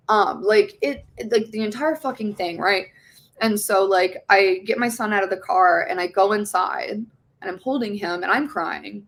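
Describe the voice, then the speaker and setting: Appearing as an interview guest, a young adult woman candidly tells a personal story at a moderate pace in a medium-pitched voice. She swears often and acts out the voices of other people.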